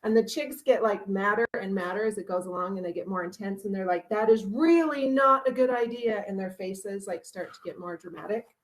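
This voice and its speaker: Lively woman retelling a picture book. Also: mid-range voice, brisk, low-quality recording. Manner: animated retelling with many "like"s. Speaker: kindergarten teacher. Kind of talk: casual sharing in a class discussion.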